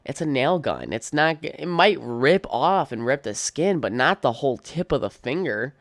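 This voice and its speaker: A man's voice: medium pitch, very animated, moderate pace, no room sound, clean studio sound. A young adult man hosting a podcast, ranting casually in a blunt, profane, opinionated way full of "like" and "um". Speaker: podcast host. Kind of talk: casual solo rant.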